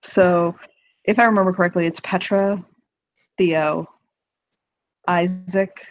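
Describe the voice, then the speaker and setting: A woman playing a tabletop role-play game, narrating her moves with quick, animated asides, recorded on a dull lo-fi mic. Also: fairly low pitch. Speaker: player.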